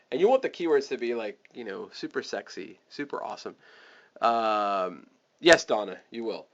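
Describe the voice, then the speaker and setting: A man teaching a webinar, giving energetic step-by-step sales coaching and acting out the scripts for his listeners. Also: medium pitch, normal speed, dull audio. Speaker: online marketing coach.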